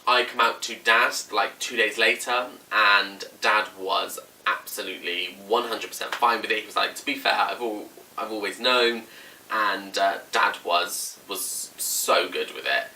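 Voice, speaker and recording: Young man vlogging, chatty and expressive, acts out quotes; slightly distant mic with faint noise. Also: lowish voice, measured pace. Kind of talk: casual storytelling to camera.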